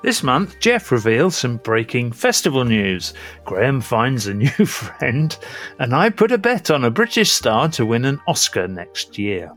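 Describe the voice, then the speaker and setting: A man's voice: mid-range voice, sing-song, a little slow, a bit bright, faint music behind. A man co-hosting a film podcast in jokey, self-mocking banter. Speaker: podcast co-host. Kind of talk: comic banter.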